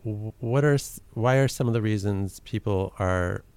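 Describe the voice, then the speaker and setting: A man interviewing a guest, asking a long question haltingly as he searches for words. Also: on the low side, a little mellow, smooth, no room sound.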